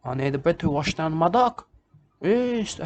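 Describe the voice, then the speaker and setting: Comic bushman poet, self-important and repetitive, raised pitch, put on by a man. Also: lively intonation, a little slow, slight background noise. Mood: rambling. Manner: rambling, repetitive, ends lines with "okay?" and "mate". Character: rambling self-important male Australian bush poet. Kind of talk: comic character monologue.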